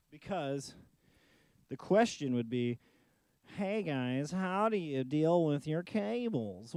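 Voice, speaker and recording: Animated, smooth-voiced man rambling on stream. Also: fairly high pitch, dry recording, clean studio sound. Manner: rambling and jokey, talking to himself while troubleshooting. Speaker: live electronic music streamer. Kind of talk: casual live-stream self-talk. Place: home music studio at night.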